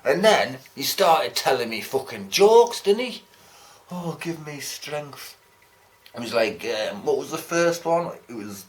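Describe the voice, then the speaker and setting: A man's voice: medium pitch, very animated, unhurried. A British man telling an exasperated, sweary and sarcastic story about a bus ride. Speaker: vlogger. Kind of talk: ranting anecdote.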